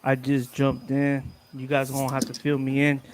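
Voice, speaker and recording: A man's voice: medium pitch, completely flat delivery, normal speed, slight background noise. A man joining a casual podcast panel as a guest, talking in an easygoing way and greeting everyone.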